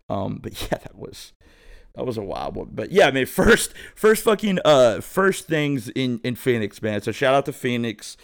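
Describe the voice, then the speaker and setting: A man's voice: medium pitch, gravelly. A man in his thirties, a podcast host, telling a rambling, profane story in a laid-back way. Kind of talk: casual storytelling monologue.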